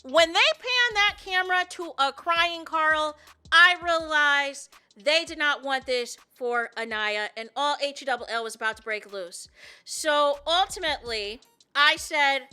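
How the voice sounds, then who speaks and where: A woman hosting a podcast, recapping a reality show in an animated way and acting out what people said. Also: sits high, unhurried, faint music behind. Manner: animated storyteller, acts out quotes, often says "you know what I'm saying". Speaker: podcast host.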